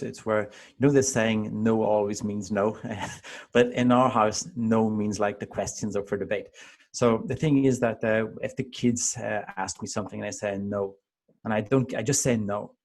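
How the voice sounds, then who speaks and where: Earnest man telling stories, low voice. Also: moderate pace. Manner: storytelling, earnest, animated. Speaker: father of two daughters. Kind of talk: casual conversation.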